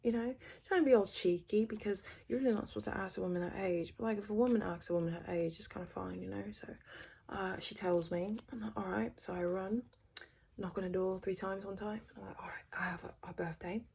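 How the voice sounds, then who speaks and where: A young British woman doing a whispered role-play, gossiping quickly and switching between whispers and a soft voice, close to the mic. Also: mid-range voice, steady tone, vocal fry, slight background noise. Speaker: ASMR creator.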